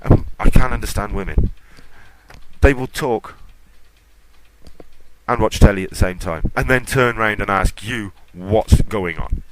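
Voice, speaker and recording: A man with a fairly low voice hosts a tech podcast, speaking a little slowly with long pauses. He rambles casually, mocks himself and goes off-topic into rants. The audio is poor, with loud background noise.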